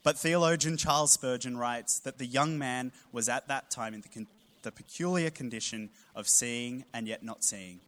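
A man, preaching a sermon with humorous storytelling and animated emphasis. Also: medium pitch, normal speed. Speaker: pastor.

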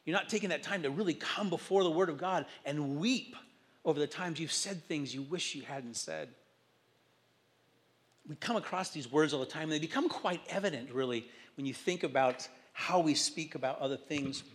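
A man in his sixties, a pastor, preaching a sermon with animated storytelling and self-mocking asides. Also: fairly high pitch, normal speed.

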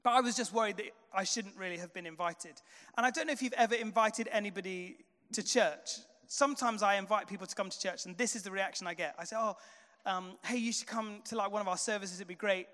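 A pastor preaching a sermon, chatty and relaxed, often sliding into "um" and "sort of". His voice sits high and comes through smooth and resonant. A long reverb from a big church hall trails behind him. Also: brisk. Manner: conversational storytelling, frequent fillers.

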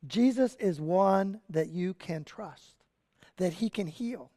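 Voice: medium pitch, slow, warm tone, big-room sound. A pastor giving a sermon and telling a story with animation and casual asides. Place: church sanctuary.

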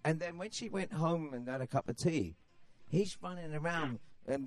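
English male co-host, rambling, crude, bit higher pitch. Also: moderate pace, hardly any pauses, no echo. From England. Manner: rambling, jokey, swears a lot. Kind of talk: crude casual banter.

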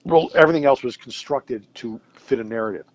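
A man's voice: mid-range voice, a little fast, highs cut off. A middle-aged man talking casually as an interview guest about music, thoughtful and hesitant, with many fillers and restarts. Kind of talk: casual interview over a call.

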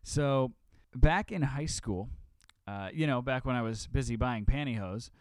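A young man chats playfully as a podcast co-host, teasing and often restarting his sentences. His voice is smooth and clear at a middle pitch. The recording is dry and close. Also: measured pace, dry recording. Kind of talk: casual chat.

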